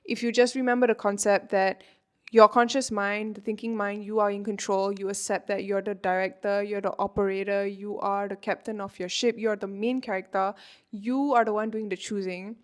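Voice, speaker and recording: A woman's voice: mid-range voice, level tone, normal speed. Chatty twenty-something woman, lots of like and you know, laughs a bunch, easygoing spiritual advice. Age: 20s. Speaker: manifestation coach. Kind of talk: casual talk to camera.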